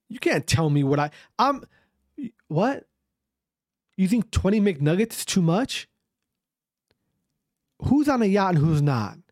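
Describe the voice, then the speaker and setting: A loud, gloating rich guy who sneers at everyone from his yacht, as a man puts him on. His voice runs high and pushy, taunting and profane, recorded close and dry with no room sound. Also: no echo.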